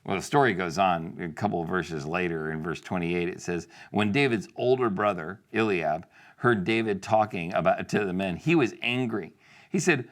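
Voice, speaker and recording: Male pastor, very deep voice, casual sermon delivery, keeps asking the room questions. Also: expressive, moderate pace, a bit bright. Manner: conversational, asks the congregation rhetorical questions, acts out quotes.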